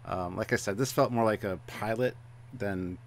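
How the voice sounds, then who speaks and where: A man's voice: on the low side, moderate pace. A man co-hosting a casual review chat, talking hesitantly with many fillers and restarts. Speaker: co-host of a review show.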